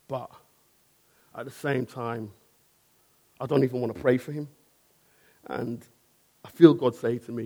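A man's voice: medium pitch, steady tone, unhurried, vocal fry, long pauses, darkish tone, husky. A man, a painter and decorator, earnestly telling a personal testimony in a conversational way and often checking in with his listener.

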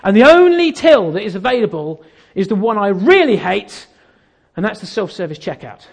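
Animated man preaching with humor. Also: high voice, normal speed, creaky. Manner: animated, acts out dialogue, self-deprecating humor. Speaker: pastor. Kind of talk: sermon with storytelling. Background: audience laughter.

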